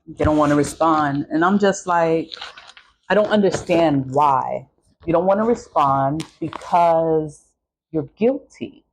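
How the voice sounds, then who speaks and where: A woman's voice: deep voice, slow pace, slight background noise. A middle-aged woman vlogger in a casual venting monologue, emphatic and repeating her points.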